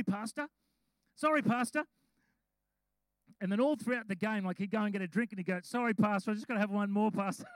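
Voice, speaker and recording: A man, a pastor preaching a sermon, mixing slow scripture reading with chatty storytelling. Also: high-pitched, dry recording, rough recording. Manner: reads scripture slowly.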